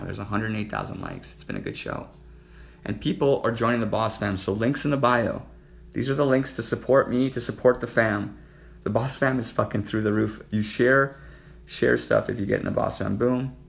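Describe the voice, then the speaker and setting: A man's voice: lowish voice, creaky. A man hosting a livestream, flirting with viewers and calling them out by name, sometimes dropping to a murmur. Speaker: livestream host.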